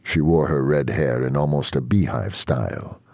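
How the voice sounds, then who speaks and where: A man reading a novel aloud in first-person narration, measured and even. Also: very deep voice, no room sound. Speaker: audiobook reader.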